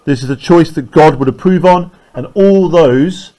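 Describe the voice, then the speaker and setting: A man's voice: fairly high pitch, moderate pace, mellow. A man teaching a class, explaining lines of a play and often checking in with "right?".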